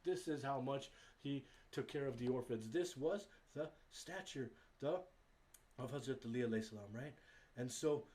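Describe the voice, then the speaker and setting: A man's voice: mid-range voice, moderate pace, darkish tone. A man preaching a sermon at a religious gathering, impassioned and emphatic, repeating his key phrases and sometimes stammering.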